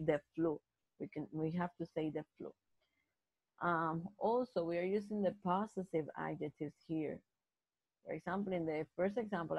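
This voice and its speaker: Woman teaching a slow English grammar lesson. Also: lowish voice, a little mellow, no echo, low-quality recording. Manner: slow, repetitive explaining with frequent restarts. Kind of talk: live online grammar lesson.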